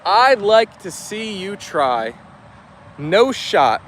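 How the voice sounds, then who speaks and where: A man's voice: sits high, big pitch swings, drawn-out words, a bit bright, slight background noise. A man hosting a dog livestream outdoors, reading viewer comments aloud in a casual, friendly way. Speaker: dog channel livestream host. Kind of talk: casual live-chat reading. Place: outdoors with dogs.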